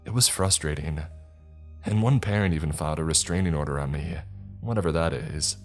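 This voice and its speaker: Very deep-voiced male storyteller. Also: fairly quick, soft background music. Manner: dry, sardonic storytelling. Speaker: narrator. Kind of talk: scripted horror-comedy narration.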